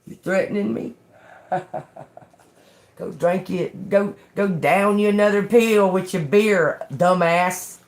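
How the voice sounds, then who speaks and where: An older woman giving a live-stream tarot reading in a slow, profane, confrontational manner. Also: lowish voice. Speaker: tarot reader.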